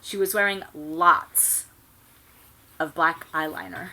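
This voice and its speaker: A woman giving a comic dramatic reading at home, shouting the quoted lines and reading the punctuation aloud in a flat voice. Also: mid-range voice, unhurried, a little hiss or hum, poor audio. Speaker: guest reader.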